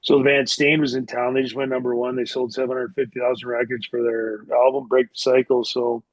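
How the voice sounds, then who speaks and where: This middle-aged man's mid-range voice is flat and fairly quick, with no echo. A former hockey player appearing as a podcast guest, he rambles through loose anecdotes stuffed with filler words. The audio is dull, dry, and lo-fi.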